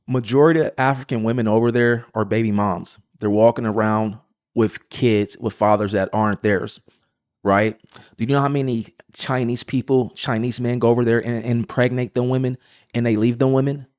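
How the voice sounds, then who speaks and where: A man's voice: mid-range voice, fairly even intonation, moderate pace, darkish tone, no echo. Combative man, dry close sound. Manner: combative, insistent. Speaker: commentator reacting to a clip. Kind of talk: argumentative reaction commentary.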